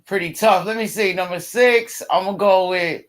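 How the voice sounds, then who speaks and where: High-voiced man hosting a boxing chat. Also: moderate pace, a bit bright. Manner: thinks aloud with many fillers and restarts. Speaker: host of a live boxing show. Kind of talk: casual live boxing commentary chat.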